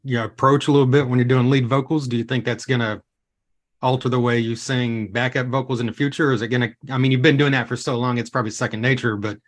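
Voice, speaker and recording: A man hosting a podcast, asking his guest relaxed questions and laughing along. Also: mid-range voice, quick pace. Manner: laughs along, short affirmations. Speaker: podcast host. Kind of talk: casual interview questions.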